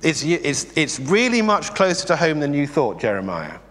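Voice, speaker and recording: A man preaching a sermon in a conversational, animated way, asking the congregation rhetorical questions. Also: a little high, moderate pace. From England. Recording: long reverb in a hall.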